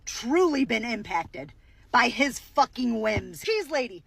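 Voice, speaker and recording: A woman's voice: on the high side, very animated, slow pace, gravelly, a bit bright, breathy edge, dry recording. A woman delivering a sarcastic, profane, exasperated comedic rant as a commentator.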